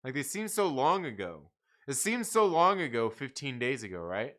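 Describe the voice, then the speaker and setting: A man hosting a late-night live stream, rambling through viewer comments with plenty of swearing and laughter. His voice is bright and his pitch swings widely. He sounds tired but keeps chatting. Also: very animated, normal speed. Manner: profane, rambling, laughs often. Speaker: livestream host. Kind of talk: casual live chat reading viewer comments.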